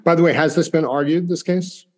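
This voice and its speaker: A man hosting an interview, brisk and guiding, with a joking edge. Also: a little high, fairly even intonation. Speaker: host. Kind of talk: casual interview talk.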